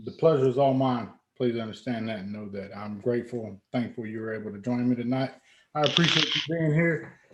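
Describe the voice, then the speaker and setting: A man's voice: medium pitch, brisk, dull audio, a little hiss or hum. Laid-back man in an echoey room. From Texas. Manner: laid-back, profane, laughs often. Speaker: livestream host. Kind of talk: casual late-night chat.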